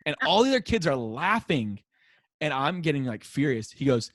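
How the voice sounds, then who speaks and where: An American man, a high school teacher, telling classroom stories in a casual interview and acting out the kids' voices. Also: moderate pace, no room sound. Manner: animated storyteller, acts out kids chanting. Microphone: wearing a mic.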